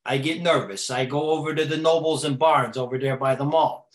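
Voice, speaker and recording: A man's voice: fairly high pitch, brisk, close to an everyday voice. A man playing a brash, rambling tough-guy co-host with a mobster swagger. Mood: boastful. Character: brash rambling male mob-style co-host. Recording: roomy echo.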